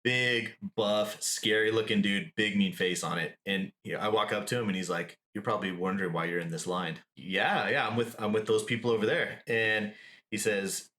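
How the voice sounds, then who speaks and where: A man with a bright, forceful voice tells a story on a casual podcast. He acts out the quoted lines of each person with animated shifts in his delivery. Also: lowish voice, normal speed. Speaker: podcast co-host.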